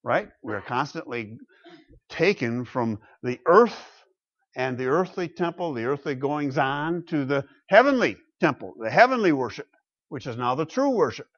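A man preaching a sermon, emphatic, swinging between loud exclamations and quiet low asides. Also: animated, moderate pace, highs cut off.

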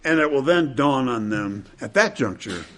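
A man preaching an expository sermon, repeating key phrases and swinging between loud, emphatic peaks and hushed, low passages. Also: lively intonation, normal speed, soft background music.

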